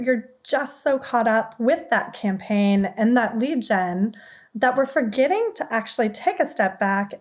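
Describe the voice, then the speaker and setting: A woman appearing as a guest on a podcast interview, speaking fluently and upbeat with frequent "you know" and "right". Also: fairly high pitch. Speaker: guest, communications head. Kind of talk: casual interview chat.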